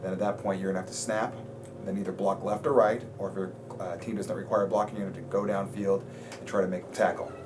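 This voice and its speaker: Male instructor, low voice, matter-of-fact explainer, noisy ambience behind him. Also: flat delivery, fast. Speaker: long snapping instructor. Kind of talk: technical explanation.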